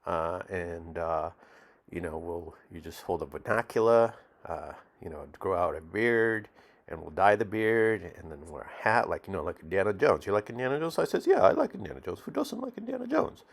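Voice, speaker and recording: A man's voice: sits low, expressive, moderate pace, gravelly. A man playing a streetwise, cigar-smoking male non-actor who rambles in slang with lots of fillers in a mock documentary interview. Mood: grumbling.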